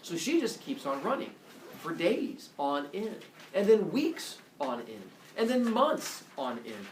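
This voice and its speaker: A man's voice: sits high, a little slow. A man telling a myth to children in a goofy, playful way, full of silly asides. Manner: goofy, animated, jokey asides. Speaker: storyteller for children. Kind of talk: playful storytime narration. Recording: echoey room, distant mic, noisy.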